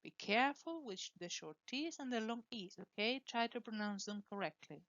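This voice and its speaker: A woman teaching English pronunciation, slowly and deliberately modelling words for students to repeat. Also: a little high, expressive, a bit bright, dry recording, lo-fi sound. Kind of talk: pronunciation lesson with drills.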